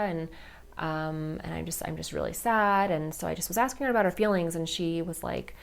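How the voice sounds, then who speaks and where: A woman's voice: fairly low pitch, a little fast, creaky. A woman hosting a podcast, telling a personal story in an open, emotional way, full of "like" and "you know". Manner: chatty, many fillers like "like" and "you know"; open and emotional about grief. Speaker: podcast host.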